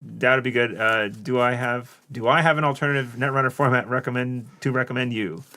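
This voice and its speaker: A man co-hosting a live stream, talking casually through his moves in a card game and trading quick jokes with his opponent. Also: medium pitch, fairly even intonation, sharp tone. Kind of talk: casual chat while playing.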